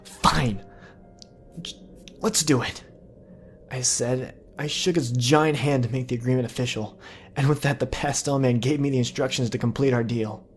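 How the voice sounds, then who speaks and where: A man reading a horror story aloud in a measured, somber tone. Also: medium pitch, steady tone, darkish tone, soft background music. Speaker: narrator. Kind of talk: scripted horror story narration.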